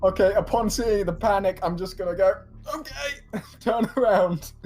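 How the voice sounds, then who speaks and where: A man's voice: high-pitched, steady tone, moderate pace, a little mellow. A man playing a tabletop game, hesitant and full of questions, laughing easily. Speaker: player. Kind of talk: tabletop role-play chat. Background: faint background music.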